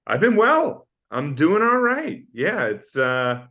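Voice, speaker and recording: Jokey Canadian actor guest, casual. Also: male voice, high-pitched, big pitch swings, slow, sharp tone. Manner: jokey, self-deprecating. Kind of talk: casual chat.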